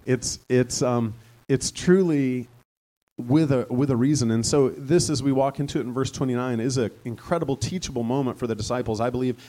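A man's voice: medium pitch, brisk, mellow. Male pastor, mid-range voice, casual conversational sermon with bursts of fervor. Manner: conversational, rising to fervent emphasis.

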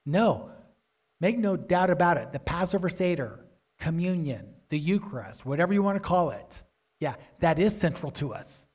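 Emphatic male preacher, higher voice. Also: breathy edge. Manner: grows loud and emphatic, rising pitch when stressing points; asks the audience questions and answers them himself. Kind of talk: sermon.

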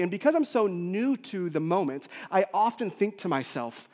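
A man, a lead pastor, preaching a sermon with emotional swings from loud urgency to soft near-whispers. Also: sits high, big pitch swings, moderate pace. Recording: long hall reverb.

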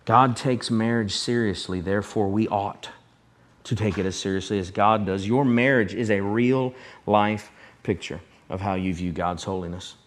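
A man's voice: fairly low pitch, moderate pace. A male pastor preaching a sermon, emphatic and repetitive, speaking directly to his congregation.

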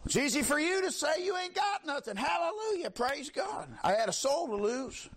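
A man preaching a fiery sermon, shouting, mocking and laughing as the congregation answers back. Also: extremely high pitch, big pitch swings, normal speed, a little hiss or hum.

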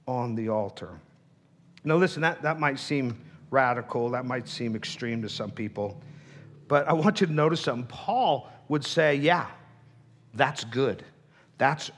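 Male pastor preaching, fairly high voice, slow and deliberate, tells stories and acts out the people in them. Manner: storytelling, acting out both sides of a quarrel; drops to a low, hushed voice for the heart of the message. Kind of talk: sermon.

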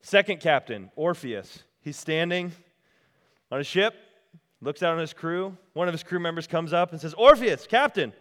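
Casual male retreat speaker with a slightly high voice, telling stories to his audience in a reverberant hall. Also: normal speed, fairly bright tone. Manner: casual, storytelling, talks directly to the crowd. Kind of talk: sermon. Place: retreat meeting room.

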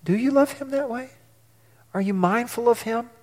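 A middle-aged man, a pastor, preaching a sermon in an animated way, acting out quotes and asking the congregation questions. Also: extremely high pitch, moderate pace, long reverb tail.

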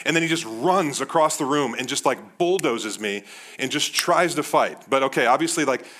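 Animated man preaching a sermon. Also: medium pitch, normal speed. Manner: animated, addresses the crowd as guys. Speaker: pastor.

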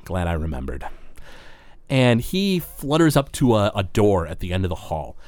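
A man's voice: lowish voice, big pitch swings, normal speed, darkish tone, no echo. A man narrating as the game master of a tabletop game, describing scenes loosely and full of fillers.

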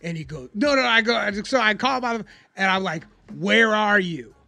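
High, gravelly man telling a profane story. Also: normal speed, no echo, soft background music. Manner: profane, animated storyteller acting out quotes. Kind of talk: casual storytelling chat.

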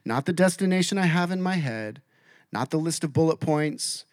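A man preaching a sermon, acting out quoted voices and swinging between loud and soft. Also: on the high side, animated, moderate pace, dry recording, clean studio sound. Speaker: pastor.

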